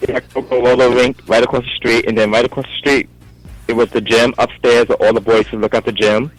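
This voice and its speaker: A man telling a story in casual talk, animated, acting out the voices of the people in it. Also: mid-range voice, a little fast, no echo, faint music behind, low-quality recording. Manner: animated, acts out quoted voices. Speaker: storyteller guest.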